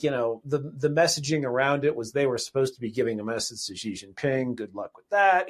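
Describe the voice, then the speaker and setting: A man hosting a podcast, wry and sarcastic, with frequent ums. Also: medium pitch. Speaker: podcast host. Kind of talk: casual podcast talk.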